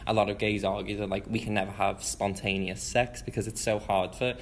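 A man's voice: on the low side, flat delivery, brisk, a little hiss or hum. A young man, a podcast co-host, talking earnestly in casual chat with lots of "like". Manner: earnest, filler-heavy with lots of "like".

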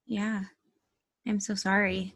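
A woman hosting a podcast interview. She speaks gently in a middle register. She keeps her questions short. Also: medium pitch, level tone, takes it slowly, husky. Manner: gentle, brief backchannel questions. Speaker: podcast host.

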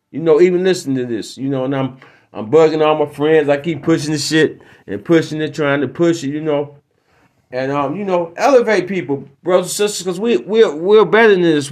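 Male podcast host, rambling and preachy, heavy swearing, slightly raised pitch. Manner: preachy, rambling, heavily profane. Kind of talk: profane comic monologue.

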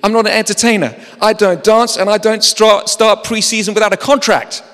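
A man's voice: high voice, steady tone, a little fast, a bit bright, voice pushed up. A man voicing a proud male star athlete who talks back defiantly, heard in a church with a long reverb. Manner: defiant, insistent.

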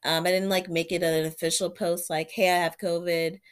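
A woman's voice: lowish voice, little pitch movement, normal speed, smooth. A young woman vlogging in a casual storytelling style, chatty and full of "like", acting out her own reactions while sick with covid. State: sick with covid and an ear infection.

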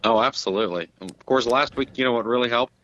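A man's voice: medium pitch, fast, fairly bright tone, muffled recording. Easygoing male podcast guest. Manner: easygoing, agreeable. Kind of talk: casual chat.

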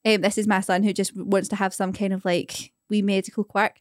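A woman's voice: mid-range voice, little pitch movement, a little fast, dry recording, studio quality. A woman with a Glaswegian accent co-hosting a podcast, chatting casually and reading out listener messages. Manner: chatty, swears freely. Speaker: podcast co-host.

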